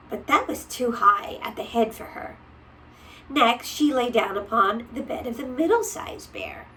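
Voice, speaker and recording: A woman reading a picture book aloud to a child, gentle and often dropping to a whisper. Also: fairly high pitch, sing-song, slow pace, recorded from a distance, slight background noise, rough recording.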